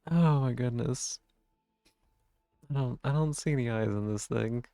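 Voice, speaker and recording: A giggly woman streamer on a close desk mic, talking slowly, worn out from laughing fits late at night. Her voice is dry and close, with faint music underneath. She stays playful, chatting to viewers and to herself. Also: extremely low pitch, gravelly, dark tone, no room sound. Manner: playful, talks to chat and to herself. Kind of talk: casual live game commentary.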